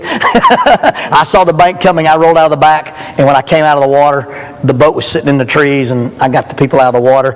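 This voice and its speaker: A man preaches to a youth rally, telling stories with a folksy, joking delivery. His voice sits a little high for a man. A long reverb trails each phrase through the church hall. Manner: folksy, joking, animated storytelling. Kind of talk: storytelling sermon.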